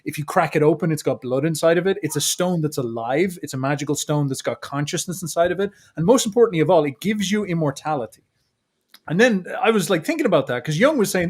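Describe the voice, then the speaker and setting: A man talking as a podcast guest in a casual, animated way, acting out what other people said. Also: fairly high pitch, fast talker. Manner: animated, acts out quotes of others. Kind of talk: casual conversational monologue.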